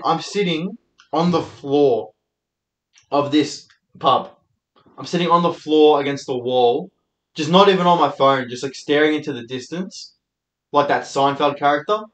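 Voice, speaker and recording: Australian man, young, higher voice, sweary rambling monologue, echoey room. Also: fairly bright tone. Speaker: podcast host and comedian. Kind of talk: solo storytelling monologue.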